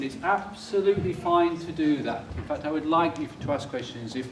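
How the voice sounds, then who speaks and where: High-voiced man lecturing in an echoey hall. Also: lively intonation, fairly quick, distant mic, slight background noise. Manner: jokey and playful, talks directly to children in the audience. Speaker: chemistry professor giving a lecture. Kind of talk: lively public science lecture. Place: lecture theatre. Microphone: fixed camera from far off.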